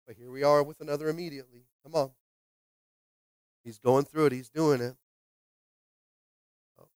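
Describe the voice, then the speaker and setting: A man preaching a sermon as pastor, repeating short phrases and calling for responses, swinging from quiet reading to loud exhortation. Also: fairly high pitch, clean tone, no room sound. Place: church sanctuary.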